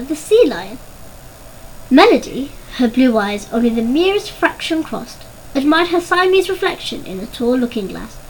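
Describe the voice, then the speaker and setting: A woman reading a children's storybook aloud in an expressive, measured way. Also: high voice, slight background noise, poor audio. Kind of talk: storybook narration.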